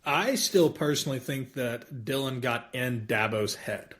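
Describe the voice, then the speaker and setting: A man with a mid-range voice co-hosting a sports podcast. He teases his friends with playful, ribbing banter in a relaxed, casual way. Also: mid-range voice, a little slow, husky. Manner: teasing, banter. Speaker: podcast co-host. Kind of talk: casual chat.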